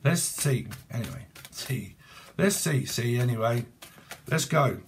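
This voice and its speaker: A man's voice: medium pitch, animated, slow pace, slight background noise. Rambling jokey British man reading tarot. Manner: jokey, rambling, free-associating, laughs at own jokes. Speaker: tarot reader.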